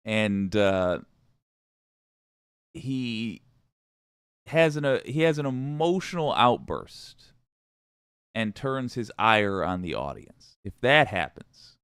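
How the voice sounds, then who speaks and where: A man's voice: fairly low pitch, very animated, slow pace, long pauses, fairly bright tone, clear, resonant tone, dry recording, clean studio sound. A man hosting a political commentary show, talking casually with wry, profane, rambling asides.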